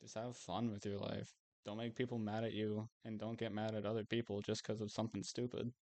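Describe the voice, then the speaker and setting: A man's voice: lowish voice, flat delivery, brisk, darkish tone. A young man chatting casually while streaming a game, rambling and self-amused, swearing now and then.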